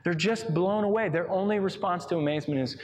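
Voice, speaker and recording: A male pastor preaching a sermon in an animated, conversational way, asking the congregation rhetorical questions. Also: sits high, fast talker, in a large hall, a little hiss or hum.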